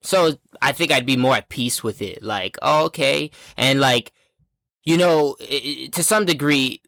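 A man's voice: medium pitch, measured pace, no room sound. Dry-sounding young man rambling casually. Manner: relaxed, rambling, calls people "bro". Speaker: podcast co-host. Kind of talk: casual chat.

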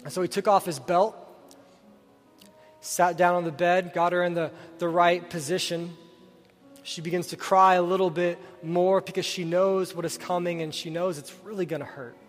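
A man's voice: high-pitched, steady tone, normal speed. A man preaching a sermon in a church, telling a story earnestly and asking his listeners direct questions before leading a prayer. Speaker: pastor. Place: church sanctuary. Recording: reverberant hall with faint music.

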